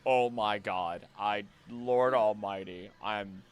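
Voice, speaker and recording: A man chatting casually on a live gaming stream, jokey and animated, talking to the creatures on screen. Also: fairly low pitch, slow pace, slight background noise. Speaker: streamer and voice actor.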